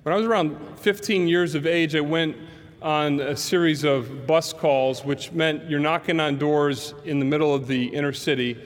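Storytelling pastor in an echoing hall. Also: male voice, on the high side. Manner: animated storyteller acting out quotes. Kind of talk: sermon storytelling. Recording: long hall reverb.

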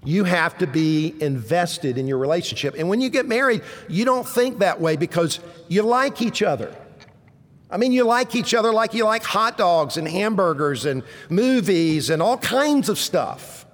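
A male pastor preaching a sermon, telling stories with dramatic pauses and dropping low and quiet for punchlines. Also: animated. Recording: long reverb of a large hall.

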